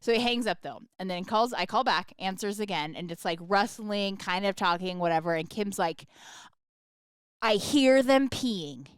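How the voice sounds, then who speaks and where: A woman's voice: medium pitch, brisk, hardly any pauses, smooth, no room sound, clean studio sound. A woman co-hosting a podcast, chatting casually and laughing as she tells stories, possibly in her thirties. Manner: laughing, animated storyteller. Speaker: podcast co-host. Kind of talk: casual chat.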